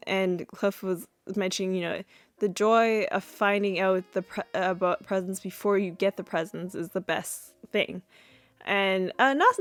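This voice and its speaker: A woman hosting a podcast, casually retelling a TV episode with lots of fillers and acted-out quotes. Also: mid-range voice. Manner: chatty retelling with many fillers, acting out quotes. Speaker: podcast host.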